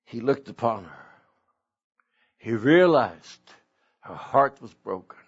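An older male pastor preaching a sermon slowly and emotionally, dropping to soft tones for stress. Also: mid-range voice, expressive, slightly rough. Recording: dull lo-fi recording.

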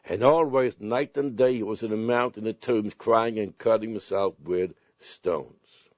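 Man, preacher, sermon, deliberate scripture reading, dry close sound. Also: on the low side, darkish tone, dry recording. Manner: storytelling, reads scripture slowly and deliberately. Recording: dull lo-fi sound.

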